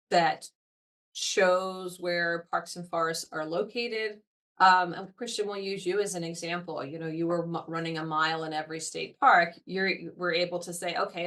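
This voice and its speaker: An eager, talkative woman with a somewhat low voice speaks as a guest in a podcast conversation. She sits a little back from the microphone, so her voice sounds set at a slight distance. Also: a bit bright. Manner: eager, talkative, frequent fillers. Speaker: parks foundation representative, guest.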